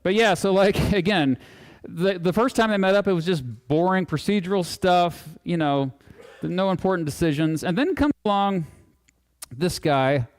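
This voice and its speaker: A man talks to a live audience in a hall, and his voice rings out with a long reverb. His tone is smooth and resonant and sits a little high for a man. His delivery is casual and animated, full of jokes and asides. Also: moderate pace. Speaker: guest speaker. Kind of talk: live public lecture.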